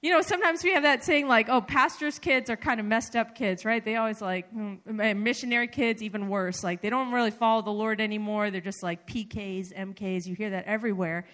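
A woman giving a sermon, telling personal stories in an animated, conversational way with many fillers. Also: medium pitch, fairly quick, hardly any pauses. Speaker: preacher. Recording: reverberant hall.

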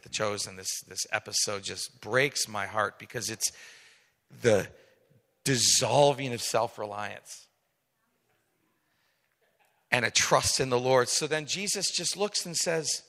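A man preaching a sermon as pastor, swinging from soft asides to loud emphatic peaks. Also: medium pitch, long reverb tail.

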